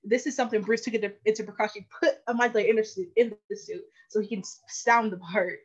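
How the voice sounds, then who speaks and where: A woman's voice: mid-range voice, fairly even intonation, quick pace, husky, lo-fi sound. A woman co-hosting a casual podcast, thoughtful and hesitant, often restarting her sentences. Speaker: podcast co-host. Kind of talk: casual chat.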